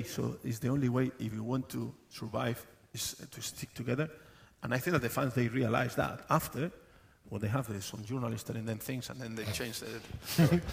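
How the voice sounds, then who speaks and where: A man, a football club manager, answering questions on stage at a live event, halting with many fillers and often laughing. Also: mid-range voice, steady tone, vocal fry, slight background noise.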